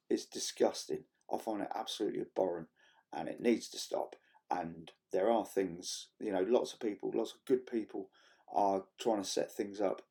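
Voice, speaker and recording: A male vlogger rambles casually to the camera, swearing freely and filling gaps with ums and restarts. His voice is low and creaky with a dark tone.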